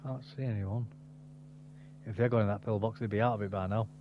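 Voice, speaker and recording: Fast-talking gamer man. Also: lowish voice, steady tone, muffled recording, a little hiss or hum. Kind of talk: casual gaming chat.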